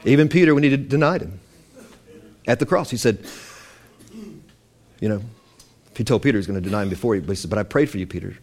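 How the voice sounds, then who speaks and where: A man preaching, emphatic and animated, quoting scripture as he teaches. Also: lowish voice, quick pace, pauses often. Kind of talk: sermon-style teaching.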